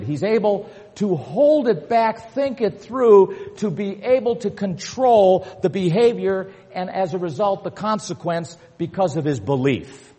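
An older man preaching a sermon with emphasis, repeating key words and building to forceful peaks. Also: sits high, breathy edge. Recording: long hall reverb.

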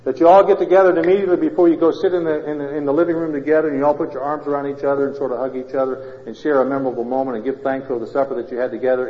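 A male pastor preaching a sermon, moving between loud emphatic lines and quiet intimate ones and asking the congregation questions. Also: mid-range voice. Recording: roomy hall reverb, dull lo-fi sound.

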